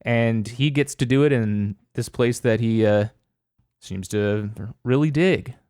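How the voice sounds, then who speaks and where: A man's voice: medium pitch, takes it slowly, darkish tone, clear, resonant tone, no room sound. Dry, sarcastic-sounding male podcast host. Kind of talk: casual chat.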